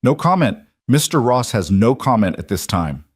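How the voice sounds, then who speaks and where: A man voicing a brisk protective lawyer woman. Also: mid-range voice, very animated, husky. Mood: urgent. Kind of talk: scripted story narration.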